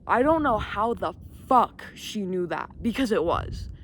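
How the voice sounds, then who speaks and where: Young woman doing a storytime vlog outside, mid-pitched, lots of "like" and cussing, faint wind noise. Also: very animated, unhurried. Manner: rambling, profane, filler-heavy. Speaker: vlogger. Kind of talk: casual storytime chat. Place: outdoors in the wind. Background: wind and passing vehicles.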